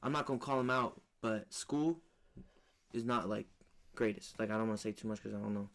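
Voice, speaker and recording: Young man, low-pitched, casual profane podcast talk, candid family stories. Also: fairly quick, a bit bright. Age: young adult. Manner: slangy, profane, candid storytelling. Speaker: podcast co-host. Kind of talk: casual chat.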